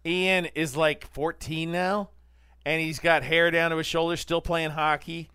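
Animated man on sports talk radio. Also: fairly high pitch, a little slow, smooth, no room sound, clean studio sound. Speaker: sports talk show host. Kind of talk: casual sports radio banter.

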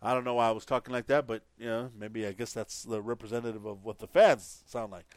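A man's voice: medium pitch, fairly even intonation, fast, dry recording. A man hosting a casual sports picks show, rambling through his predictions with plenty of filler words. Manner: rambling, many fillers and restarts. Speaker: podcast host making football picks.

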